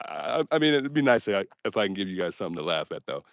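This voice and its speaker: A man with a fairly low voice chats casually on a phone livestream from outdoors at night. He jokes around and makes fun of himself while speaking straight to his viewers. The sound is dry and close, with little room echo. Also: big pitch swings, racing, gravelly, few pauses. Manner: joking, self-mocking, talks straight to his chat. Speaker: livestream host.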